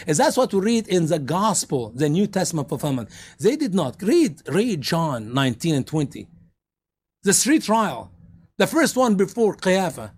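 A male preacher giving a sermon in an animated storytelling manner, firing off rhetorical questions. His voice sits fairly high for a man and swings widely in pitch as he drives his points home. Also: breathy edge.

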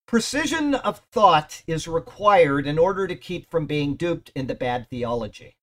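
A man teaching a Bible study, reading commentary aloud and often checking in with his listeners. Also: a little high.

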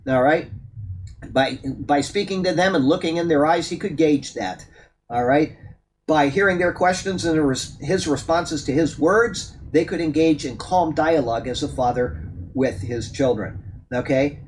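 A man with a somewhat high voice leads a Bible study, moving between reading a passage aloud and chatting about it with plenty of fillers. He turns firm and emphatic when he stresses doctrine. A faint hiss runs underneath. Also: a little slow, low-quality recording. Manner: conversational, reads a text then digresses with fillers. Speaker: Bible teacher.

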